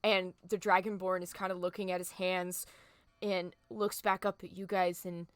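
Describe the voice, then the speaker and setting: A woman's voice: fairly low pitch, level tone, normal speed, smooth, no room sound. A woman narrating as game master of a tabletop game, descriptive and full of fillers. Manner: descriptive, filler-heavy, laughs easily.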